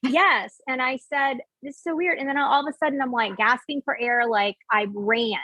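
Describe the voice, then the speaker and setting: A woman in her forties telling her personal story as a podcast guest, casual and animated, acting out what others said and filling her speech with "like.". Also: sits high, moderate pace, no room sound, rough recording. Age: 40s. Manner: animated, acts out quoted dialogue, many "like" fillers.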